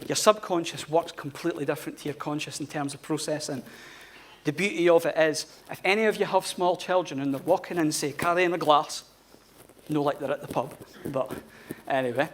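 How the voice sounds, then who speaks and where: A man speaks at a conference in a blunt, casual way, dropping swear words. His voice sits fairly high. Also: a bit bright, slight background noise. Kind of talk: live conference talk. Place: conference hall.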